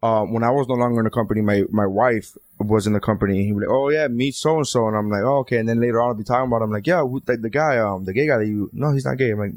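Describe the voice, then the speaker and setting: A man's voice: medium pitch, rapid-fire, few pauses, a little mellow, no echo. Crude joking man, dry mic. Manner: crude, joking, rambling with restarts. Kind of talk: casual chat.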